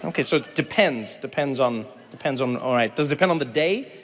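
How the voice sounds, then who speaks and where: This South African man's voice is mid-range and brisk as he works the room as comedian and host. He animatedly tells a story, chats with the audience, and mimics others. Long reverb and faint noise come from the live venue.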